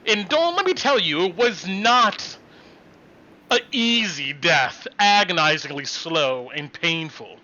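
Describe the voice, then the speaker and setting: A man's voice: high voice, lively intonation, slow, sharp tone, dull audio, exaggerated voice. A man voicing the ghost of a woman who froze to death, now possessing a party member, weary and blunt.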